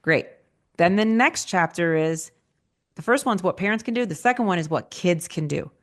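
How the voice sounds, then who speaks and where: A woman's voice: fairly low pitch, lively intonation, normal speed. A woman author being interviewed, talking in a casual, conversational way and often tagging her points with "right?". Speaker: author guest.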